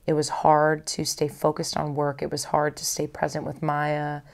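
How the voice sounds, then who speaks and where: Young woman, podcast host, low voice, gravelly fry, candid rambling monologue, repeats herself. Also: monotone, normal speed. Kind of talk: personal reflective monologue.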